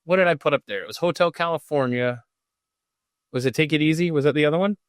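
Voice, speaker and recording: A man's voice: a little high, fast talker, no room sound, studio quality. A man hosting a casual solo podcast, reading from notes and breaking off often to joke and riff. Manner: rambling and jokey, reading aloud and stopping to riff. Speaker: podcast host. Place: home studio.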